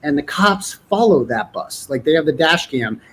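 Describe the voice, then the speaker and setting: Middle-aged guest, high male voice, profane and animated. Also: moderate pace, a little hiss or hum. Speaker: interview guest. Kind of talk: casual interview.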